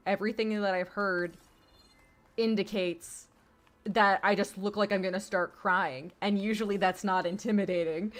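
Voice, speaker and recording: Young woman chatting while she games on stream, mid-pitched voice, rambly, swears a lot, laughs at herself. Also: a bit bright. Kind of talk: casual gaming commentary. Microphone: streaming mic with webcam.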